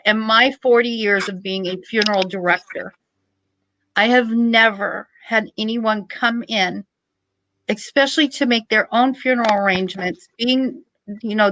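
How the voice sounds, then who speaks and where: A middle-aged woman, a podcast guest, telling a story in a joking, lively way. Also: on the high side, no room sound, poor audio. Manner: joking, animated storytelling with laughs. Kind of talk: casual storytelling.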